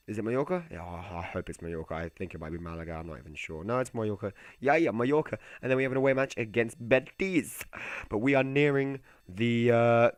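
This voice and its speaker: A young man giving casual, chatty commentary over a football video game, excitable and given to muttered asides. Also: medium pitch, fast, no room sound. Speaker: gaming YouTuber.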